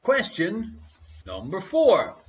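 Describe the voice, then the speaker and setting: Male quiz host, high-voiced, unhurried, jokey with a chuckle; slightly muffled audio. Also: huge pitch swings. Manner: jokey, chuckles between questions. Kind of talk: live-streamed quiz chat.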